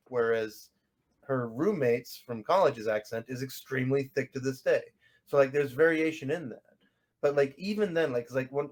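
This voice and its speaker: A young man from the United States, co-hosting a casual podcast chat and rambling with many fillers. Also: medium pitch. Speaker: podcast co-host.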